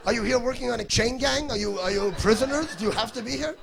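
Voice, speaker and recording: Brash, gravelly stand-up comic. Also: male voice, very high voice, fast, a crowd in the background. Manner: brash, teasing, profane. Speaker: stand-up comedian. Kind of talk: stand-up crowd work. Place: comedy stage before a live audience.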